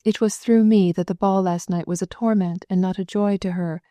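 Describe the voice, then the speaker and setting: A woman reading the part of a young noblewoman who speaks quickly and tearfully in an audiobook. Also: medium pitch, steady tone, dark tone, no room sound, close to an everyday voice. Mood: confiding.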